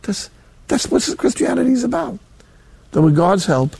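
A man's voice: high-pitched, expressive, moderate pace, gravelly, a little mellow, breathy edge, no echo. An older man, a Catholic priest, preaching a sermon in a folksy, emphatic way with colloquial asides.

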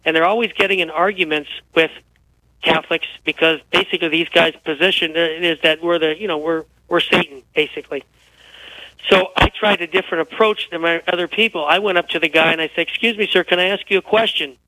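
A man guesting on a radio talk show, telling stories with lively energy while feeling unwell. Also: a little high, fairly quick, dry recording, low-quality recording. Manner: energetic, animated storyteller. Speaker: guest, author. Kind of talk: radio interview, storytelling.

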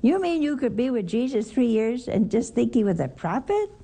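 A woman teaching a Bible study in a lively way, asking her listeners questions and adding wry humor. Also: on the high side, normal speed, creaky, breathy edge.

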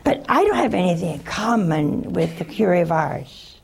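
A religious sister answering a caller on a call-in show, telling stories in a folksy, chuckling way. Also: female voice, on the low side, sing-song, moderate pace, creaky, darkish tone, a little hiss or hum. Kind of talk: call-in advice with storytelling.

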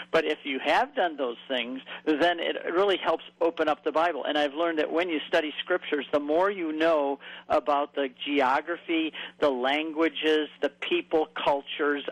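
A man telling a vivid travel story in conversation, voicing quoted people in a higher pitch. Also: no echo, poor audio. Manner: animated storyteller, raises pitch for quoted voices.

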